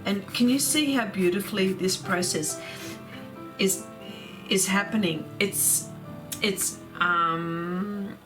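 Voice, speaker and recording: With music going in the background, a medium-pitched woman reads viewer comments aloud on her art livestream. Her chat is casual, effusive, and punctuated by quick laughter.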